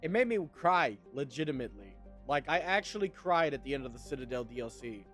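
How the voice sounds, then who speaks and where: A man's voice: medium pitch, very animated, fairly quick, a bit bright, faint music behind. A man streaming a video game, chatting casually and wryly to viewers, swearing freely as he plays. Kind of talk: casual gameplay commentary.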